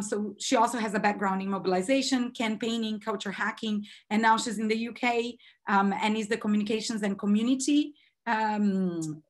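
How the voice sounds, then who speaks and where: A woman from Brazil, moderating a webinar over a video call and introducing the next speaker, thinking aloud with fillers and restarts. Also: medium pitch.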